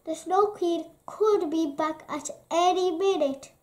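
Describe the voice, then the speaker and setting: An eager young boy from a read-aloud storybook, read by a woman, calling out loud and excited. The voice sits high and the lines come very slowly, each word drawn out. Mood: urgent.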